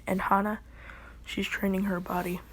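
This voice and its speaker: A woman casually telling a fan story, rambling and halting, often dropping to a half-whisper. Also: mid-range voice, flat delivery, heavy background noise.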